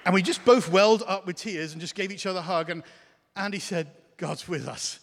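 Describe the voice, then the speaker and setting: A man preaching to his congregation, telling a personal story and acting out the dialogue with lively restarts. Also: high-pitched, quick pace, long reverb tail, slight background noise. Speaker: pastor. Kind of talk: sermon storytelling.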